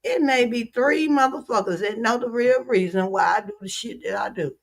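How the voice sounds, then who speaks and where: A woman's voice: on the high side, moderate pace. A weary woman streamer venting to her viewers in a frustrated, repetitive, profane rant. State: weary, worn out. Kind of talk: emotional livestream rant.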